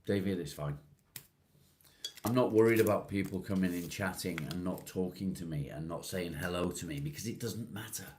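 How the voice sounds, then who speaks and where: A very low-voiced man hosts a relaxed live stream, reading out viewer comments and answering each in turn. His talk is easygoing and friendly, dropping "mate" as he goes, with a faint hiss of noise underneath. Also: normal speed. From England. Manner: laid-back, calls viewers mate, answers comments one by one. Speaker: livestream host.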